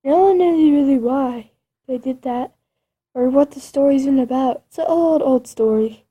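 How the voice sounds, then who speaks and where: A woman's voice: high-pitched, normal speed, muffled recording. A woman improvising a spooky story in a rambling, dramatic way with creepy asides.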